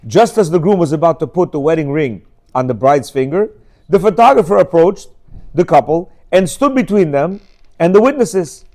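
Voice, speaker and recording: Middle-aged guy giving a torah class, pretty high voice, keeps hammering the same point over and over. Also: animated, moderate pace, a little mellow. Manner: emphatic, repetitive, scolding. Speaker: religious teacher.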